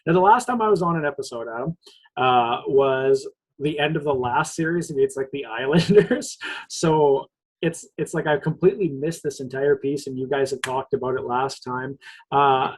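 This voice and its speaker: A man's voice: medium pitch, normal speed, husky, low-quality recording. A man co-hosting a casual sports podcast, joking and rambling, laughing often. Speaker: podcast co-host.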